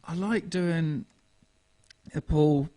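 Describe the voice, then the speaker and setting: A man's voice: a little high, extremely slow, dark tone. A man as comedy sidekick, rambling hesitantly about doing impressions.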